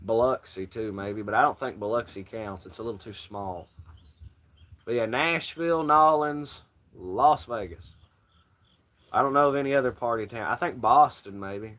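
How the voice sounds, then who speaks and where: A man's voice: mid-range voice, normal speed, fairly bright tone. An American man rambling casually on a livestream, jokey and profane. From United States. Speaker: livestream host.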